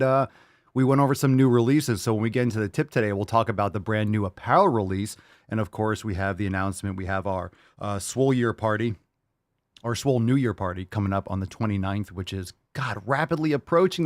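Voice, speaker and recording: A man's voice: fairly low pitch, no echo, clean studio sound. A man hosting a casual podcast, joking crudely and talking with hype. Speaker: podcast host.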